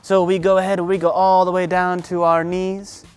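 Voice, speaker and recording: A woman leading a children's yoga lesson through a story, animated and playful, gasping with excitement. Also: lowish voice, normal speed, clear, resonant tone, faint music behind. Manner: animated, playful, lots of gasps. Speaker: kids' yoga teacher.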